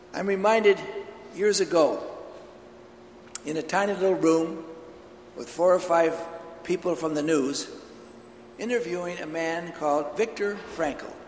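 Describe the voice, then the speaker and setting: A man's voice: on the high side, slight background noise. A man preaching a homily, earnest and telling stories, in a large church. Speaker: priest. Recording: echoey church hall with long reverb.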